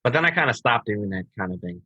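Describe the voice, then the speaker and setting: A man co-hosting a gaming podcast, relaxed and laid-back, talking with a sore throat. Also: fairly low pitch, fast, breathy edge, no echo, muffled recording. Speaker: podcast co-host. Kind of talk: casual chat.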